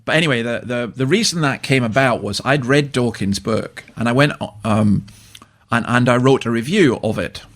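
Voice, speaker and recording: A man's voice: mid-range voice, a bit bright. An older man with a Scottish accent, a minister telling stories in a casual interview, chuckling and often restarting his sentences. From Scotland. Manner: chatty storyteller, chuckling, frequent restarts. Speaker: guest minister.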